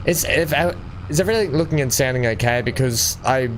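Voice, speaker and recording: A man's voice: mid-range voice, fairly quick, slight background noise. A young man hosting a farming game livestream, chatting with viewers and laughing often. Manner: chatty, laughs often while reading chat. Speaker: gaming livestream host. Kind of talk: casual chat with live viewers.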